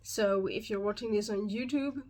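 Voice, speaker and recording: A woman with a Swedish accent, a YouTube host talking alone to camera, calm and measured, often pausing. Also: mid-range voice. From Sweden. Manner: calm, measured explaining with frequent pauses. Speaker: YouTube host and shamanic practitioner. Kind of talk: solo explanatory talk to camera.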